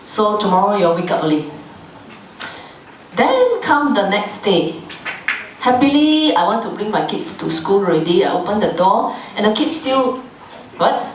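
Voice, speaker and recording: A woman's voice: medium pitch, very animated, normal speed, slight background noise. A woman lecturing a class, repeating key phrases and often asking the class to follow along. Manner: repetitive, asks the class frequent check-in questions; acts out quoted scolding in a raised voice. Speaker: dharma class teacher. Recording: echoey hall from far off.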